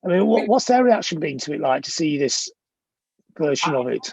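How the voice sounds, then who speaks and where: A man in his sixties interviewing a guest in a loose, halting way, often restarting his questions. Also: fairly high pitch, big pitch swings, creaky, darkish tone, husky, dry recording. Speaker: interviewer, music journalist.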